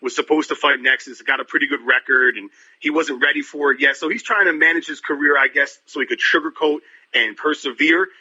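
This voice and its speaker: A man's voice: on the high side, pushed and bright, slightly rough, dull audio. A man calling in as a boxing reporter guest, chatting casually and rambling a little. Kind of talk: casual radio chat.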